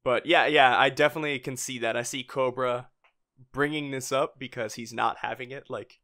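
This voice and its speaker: A man co-hosting a relaxed fan podcast, his voice at an ordinary middle pitch. He rambles loosely, leaning on fillers and breaking into small chuckles as he talks. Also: normal speed. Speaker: podcast co-host. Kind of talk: casual fan podcast chat.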